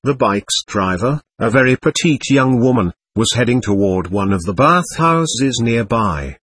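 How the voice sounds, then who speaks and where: A man's voice: mid-range voice, animated, unhurried, a bit bright, slightly rough. A man narrating a first-person story as an audiobook, with a wry storytelling delivery.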